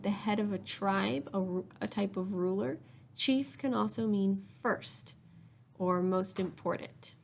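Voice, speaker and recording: A woman teacher talks young children through a spelling lesson, step by step and with patience. Her voice has a gravelly, fry-edged texture at an ordinary middle pitch. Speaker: third-grade teacher.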